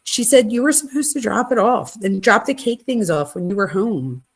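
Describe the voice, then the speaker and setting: A woman's voice: medium pitch, lively intonation, slightly rough. Woman casually reading text messages. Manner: conversational, reads quoted texts in a plain voice with quick asides. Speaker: true crime channel host.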